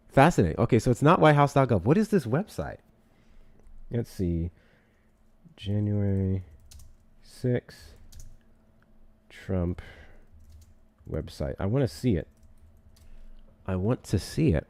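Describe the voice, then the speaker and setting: A young man with a slightly low voice hosts a live stream in a casual, profane, sarcastic way. He reads text aloud and breaks off to react and talk to his chat. Now and then he turns away from his desk mic, and his voice drops and grows distant. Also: big pitch swings, slow, pauses often, a little mellow.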